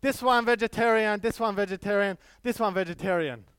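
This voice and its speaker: A man's voice: sits high, fairly quick, a bit bright, smooth, no room sound. A man putting on an eager vendor with a Chinese accent. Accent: put-on Chinese accent. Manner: eager, repeating himself. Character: cheerful male street food vendor.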